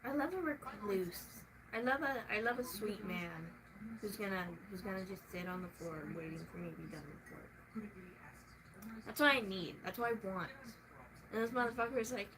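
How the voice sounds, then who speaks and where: A young woman venting in a casual vlog, swearing freely and swinging from soft talk to loud shouting. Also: medium pitch, moderate pace, background noise.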